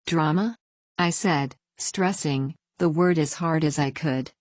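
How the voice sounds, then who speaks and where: Female story reader, very low voice, dry close sound, plain even first-person narration. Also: a little slow, no room sound.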